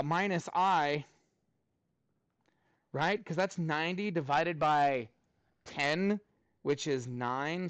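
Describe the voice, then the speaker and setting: A man's voice: a little high, dry recording. A man teaching a math class, upbeat and chatty, tossing jokey asides to his students between explanations.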